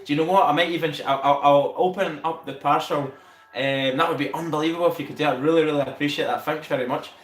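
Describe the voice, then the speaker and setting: Male streamer, fairly high voice, excitable and sweary, roomy echo. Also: fast talker. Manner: sweary, excitable, laughs often. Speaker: livestream host. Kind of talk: casual live-stream chat.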